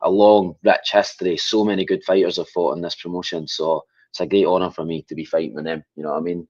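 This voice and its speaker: Fast-talking deep Scottish fighter. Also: male voice, flat delivery, a little mellow, slightly rough, no echo, dull audio. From Scotland. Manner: upbeat, often tags 'mate' and 'you know what I mean'. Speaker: MMA fighter. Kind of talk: casual interview answers.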